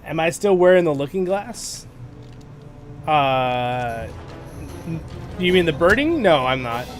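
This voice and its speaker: A man's voice: fairly high pitch, very animated, slow pace, music in the background. A man casually talking his viewers through a video game on a livestream, rambling and correcting himself as he goes. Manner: chatty, rambling, self-correcting. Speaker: livestream host.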